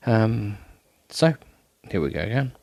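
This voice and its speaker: A man's voice: lowish voice, lively intonation, a little slow, vocal fry, darkish tone, no room sound. A man hosting a solo podcast, rambling in a self-deprecating way with many ums and restarts, sounding tired. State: tired, yawning. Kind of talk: rambling casual monologue.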